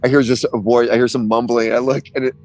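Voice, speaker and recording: A man in a casual chat, telling an animated story full of swearing and restarts. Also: medium pitch, fast talker.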